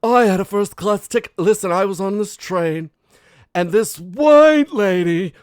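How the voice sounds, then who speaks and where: A man's voice: sits high, clear, resonant tone, no echo, clean studio sound, pitched above the performer's own voice. Man mimicking a whiny dramatic woman. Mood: indignant. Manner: exaggerated, sighing, loud and drawn-out.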